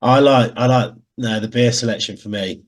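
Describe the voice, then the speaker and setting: A man's voice: medium pitch, moderate pace. A man with an English Midlands accent co-hosting a casual podcast, bantering and laughing often. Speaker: podcast co-host. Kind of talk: casual chat.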